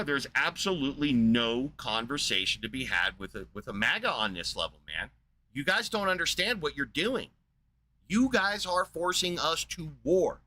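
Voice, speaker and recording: A man's voice: a little high, sharp tone. A man hosting a livestream, angrily ranting at a viewer in his chat with heavy profanity and insults. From United States. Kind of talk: angry livestream rant.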